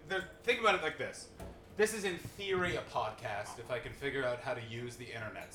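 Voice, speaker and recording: A Canadian man doing loud, swearing stand-up crowd work as the host of a live podcast show. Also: a little high, slight background noise. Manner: loud, swearing, riffing with the audience. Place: small live comedy venue. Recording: roomy live room, distant mic, audience. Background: audience laughter.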